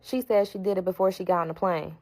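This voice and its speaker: A woman's voice: lowish voice, fairly even intonation, quick pace, a little mellow, poor audio. A woman telling a story in a casual vlog, blunt, slangy and profane. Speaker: storyteller vlogger.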